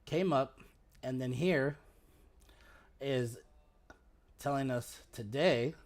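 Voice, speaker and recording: A man with a hoarse, raspy voice and a sore throat, clearing his throat often as he hosts a casual stock market livestream with many pauses and fillers. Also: medium pitch. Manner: halting, with many fillers and restarts.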